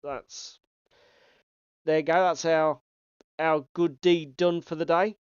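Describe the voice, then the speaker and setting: Slow-talking chatty man, clear dry voice. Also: a little high, fairly even intonation, no echo. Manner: chatty, swearing, reads out chat comments. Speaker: podcast co-host. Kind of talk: casual chat. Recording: dull, slightly lo-fi sound.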